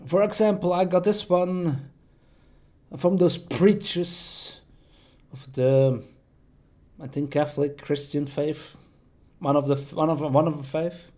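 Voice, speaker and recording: A young man on a live stream who chats slowly into a close mic. His voice sits a little high, and he rambles in a self-deprecating way with odd, non-native turns of phrase. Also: mellow. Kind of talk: casual chat showing off voices.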